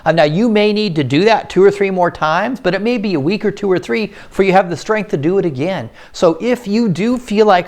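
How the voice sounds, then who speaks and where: A man's voice: high voice, animated. Earnest middle-aged American man. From United States. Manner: heartfelt, encouraging, slows down to stress points. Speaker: host of a personal story series. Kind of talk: earnest talking-to-camera monologue.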